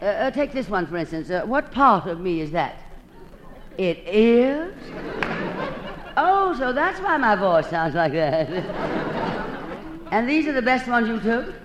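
A woman's voice: on the high side, sing-song, a little slow, pauses often, dull audio, a crowd in the background, background noise. A woman hosting an old-time radio comedy monologue, delivering it in a theatrical drawl and calling everyone darling.

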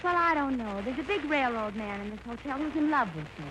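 A wisecracking hotel telephone operator in a 1940s radio comedy. Her delivery bounces with lively inflection. A steady hiss sits under the old broadcast. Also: high-pitched. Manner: brisk, wisecracking.

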